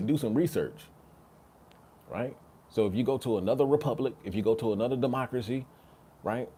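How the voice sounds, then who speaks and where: A man's voice: mid-range voice, normal speed, long pauses, warm tone, slight background noise. A man hosting a casual livestream, reading chat comments and talking in an emphatic, slangy way, repeating himself and tagging his points with "right?". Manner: repetitive, emphatic, slangy, rhetorical "right?" tags.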